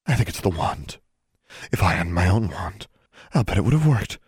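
A man voicing a soft-spoken, guilt-ridden and unstable teenage witch girl in a storybook reading. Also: low-pitched, sing-song, moderate pace, husky, dry recording, studio quality, heavily acted. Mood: quiet. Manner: soft, quiet, wavering.

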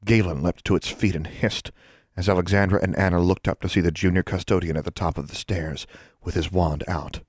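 A man narrating an audiobook in an even, measured storytelling manner. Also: low-pitched, no room sound, clean studio sound.

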